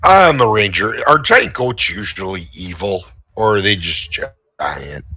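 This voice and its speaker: A man's voice: on the low side, expressive, a little slow, pushed and bright, slightly rough, no echo, poor audio. A man playing a ranger in a tabletop game, chatting casually and jokingly with stumbling restarts over an online call. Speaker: player.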